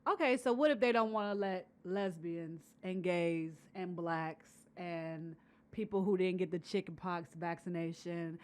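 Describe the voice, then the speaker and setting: A woman co-hosting a podcast in a playful, casual chat, laughing often and trading quick jokes. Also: fairly low pitch, darkish tone. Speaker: podcast co-host.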